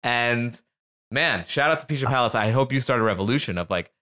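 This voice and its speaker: A man's voice: mid-range voice, animated, fairly quick, bright, forceful tone. A young man co-hosting a casual food chat, enthusiastic, joking and swearing freely. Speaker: podcast co-host.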